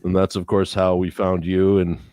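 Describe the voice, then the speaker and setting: A man's voice: sits low, moderate pace, clear, resonant tone, no room sound, clean studio sound. A man telling a long story in casual chat as a podcast co-host, swearing freely and acting out the other people's lines. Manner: profane, animated storyteller acting out quotes.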